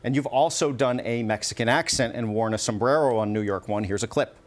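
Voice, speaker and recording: A man's voice: medium pitch, brisk, a little hiss or hum. A male news anchor moderating a live TV debate, firmly keeping the speakers on time. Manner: firm, keeps time, interrupts. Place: TV studio.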